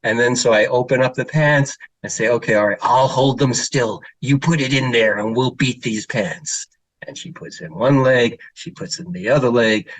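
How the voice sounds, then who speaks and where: Speaking at a normal speed in a mid-range voice, this middle-aged man, a child therapist, presents with slides and tells casual, filler-laden stories, occasionally doing children's voices. There's no room sound, though the recording is rough.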